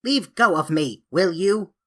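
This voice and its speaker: A woman with a lowish, lively, unhurried voice reads a classic children's story as an audiobook. She voices a grumpy, self-pitying male sand fairy who gripes and whines, sounding gruff and complaining with a cracking voice and a grumbling mood.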